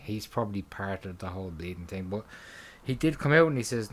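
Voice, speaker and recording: A man's voice: on the low side, animated, a little fast, slight background noise. Sweary, rambling man chatting. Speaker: co-host. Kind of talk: casual podcast chat.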